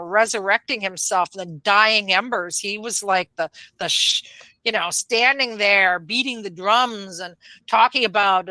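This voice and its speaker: A woman's voice: mid-range voice, pushed and bright, no echo, low-quality recording. A woman chatting on a podcast in a rambling way, full of fillers and restarts. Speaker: podcast guest. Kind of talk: casual podcast chat.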